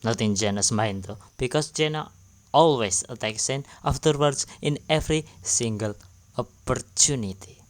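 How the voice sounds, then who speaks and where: Guy narrating a recap vid, plain voice, english a bit broken. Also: mid-range voice. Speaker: video narrator.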